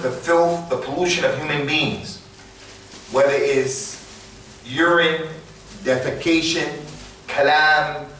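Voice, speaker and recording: A man delivers an emphatic sermon, driving points home by repeating them. His voice sits a touch high and rings through a very echoey prayer room, picked up from some distance with a faint hiss behind. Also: fairly bright tone. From United States. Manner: emphatic, repeats key phrases. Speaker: Islamic lecturer. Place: small mosque.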